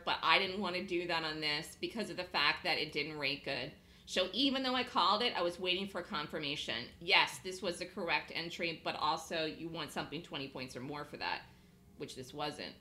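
A woman hosting a live trading room, talking fast and emphatically, repeating her points and laughing easily. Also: on the low side, bright, forceful tone, reverberant, poor audio.

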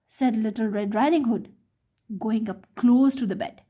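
A woman reading a bedtime story aloud to children in a gentle, sing-song way. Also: a little high, fairly even intonation, normal speed.

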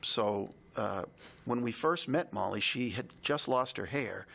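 A man with a gravelly, husky voice tells a personal story as a podcast co-host. He speaks reflectively and with feeling, pausing and restarting as he goes. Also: medium pitch, a bit bright. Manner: reflective, halting, emotional retelling.

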